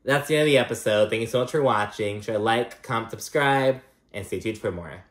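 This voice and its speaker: A man's voice: lowish voice, fairly quick, roomy sound. Sassy, profane man recapping reality TV. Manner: chatty, profane and sassy, many fillers. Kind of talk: casual gossipy recap.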